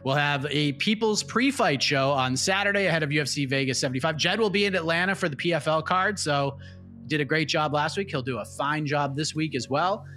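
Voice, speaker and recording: A man hosting a casual sports podcast, with brisk, upbeat patter as he wraps up the show. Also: on the high side, pushed and bright, soft background music. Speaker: host.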